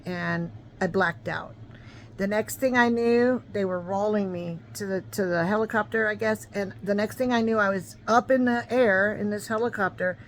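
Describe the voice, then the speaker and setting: A woman in her fifties recounts her past in a loose, conversational style, circling back and stumbling over words. Her voice sits at an ordinary middle pitch. A faint hum of background noise runs under the recording. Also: poor audio. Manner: rambling, conversational, many fillers. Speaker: vlogger. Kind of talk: personal storytelling.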